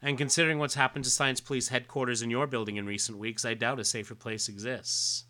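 Relaxed man reading a comic aloud. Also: medium pitch, quick pace. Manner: relaxed, hesitant with fillers, reads quotes plainly. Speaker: podcast co-host.

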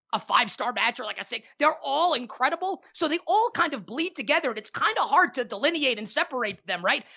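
A man's voice: very high-pitched, gravelly, bright, forceful tone, highs cut off. A man who is a podcast guest, chatting casually in a studio with rambling, boastful, joking banter. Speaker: podcast guest, sports TV personality.

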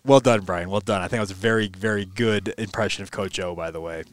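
A man hosting a casual sports podcast, upbeat and brisk as he wraps up the show. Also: low voice, no room sound. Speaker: podcast host.

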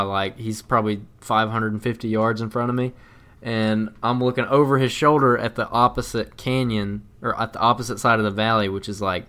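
A man co-hosting a podcast, telling a story in casual chat in a rambling, animated way with frequent laughs. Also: lowish voice. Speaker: podcast co-host.

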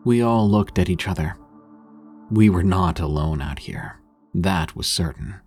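A man narrating a scripted horror story in a husky voice, lifting his voice for the characters' lines. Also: sits low, animated, unhurried, a little mellow, soft background music.

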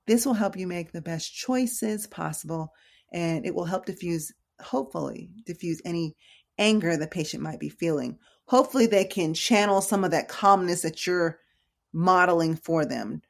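A woman emergency room nurse giving casual, conversational advice, slangy and direct with her listeners. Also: on the low side. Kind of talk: casual educational talk.

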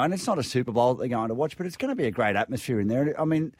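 A man's voice: medium pitch, expressive, racing, a little mellow, no echo, clean studio sound. A man with an Australian accent chatting on a sports radio panel, rambling and repeating himself as he builds a point. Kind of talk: casual sports chat.

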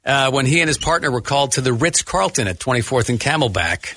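A male radio host leading sports talk banter and briskly introducing callers. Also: mid-range voice, lively intonation, sharp tone, slight background noise.

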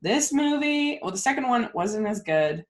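A woman co-hosting a casual movie review chat, ranting in animated, fast bursts. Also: on the high side. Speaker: podcast co-host.

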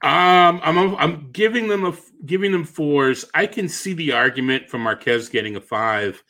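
A man's voice: fairly high pitch, expressive, normal speed, bright, forceful tone. A man with a Boston accent co-hosting a casual fantasy baseball podcast, often restarting and trailing off as he talks. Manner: hesitant, restarts and trails off, laughs easily. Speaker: podcast co-host.

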